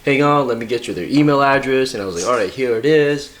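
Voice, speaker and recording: A Massachusetts man with a Boston accent co-hosts a podcast, telling stories in a rambling, hesitant way packed with fillers. His mid-range voice moves fast in this casual chat, with slight background noise.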